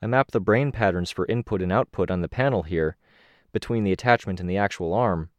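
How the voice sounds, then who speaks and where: A man's voice: deep voice, brisk, no echo, lightly acted. A man voicing a modest, matter-of-fact young male tinkerer in an audiobook.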